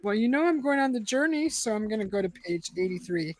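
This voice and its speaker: A woman's voice: on the high side, expressive, quick pace, few pauses, darkish tone, dry recording, soft background music, low-quality recording. A woman reading an adventure book aloud in a casual, chatty way, breaking off for laughing asides. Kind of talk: casual read-aloud chat.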